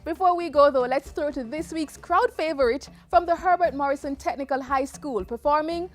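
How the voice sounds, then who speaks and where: A woman's voice: high-pitched, normal speed, music in the background. A woman hosting a festival segment in an upbeat, announcer-like scripted delivery. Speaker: segment host. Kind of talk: scripted presenting.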